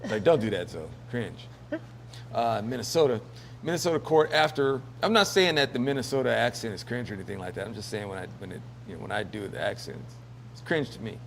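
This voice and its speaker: A man's voice: mid-range voice, animated, a little fast, vocal fry, slight background noise. A man hosting a casual news commentary show, rambling and joking with lots of fillers and laughs. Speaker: host.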